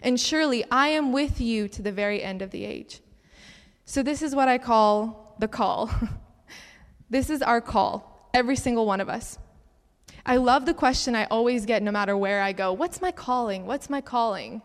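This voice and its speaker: A woman's voice: a little high, moderate pace. A young adult woman from Ohio sharing a testimony as a ministry speaker, earnest and chatty, with many fillers. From Cincinnati, Ohio. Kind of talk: sermon testimony. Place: church hall. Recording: hall reverb.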